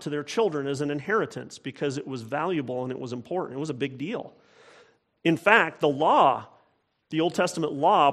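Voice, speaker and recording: Earnest man preaching, slightly high voice. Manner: earnest, emphatic preaching with repetition. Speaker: pastor. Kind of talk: sermon.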